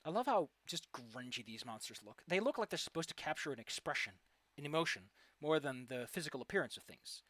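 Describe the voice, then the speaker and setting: A man's voice: fairly high pitch, animated, a little fast, a bit bright, no room sound. A young man streaming a game and talking casually, ranting sarcastically and swearing freely as he plays. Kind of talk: casual gaming stream chat.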